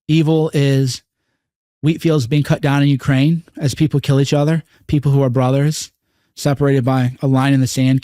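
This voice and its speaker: A man's voice: mid-range voice, dark tone, no echo, studio quality. A man speaking candidly and earnestly as an interview guest, swearing freely and acting out quoted voices.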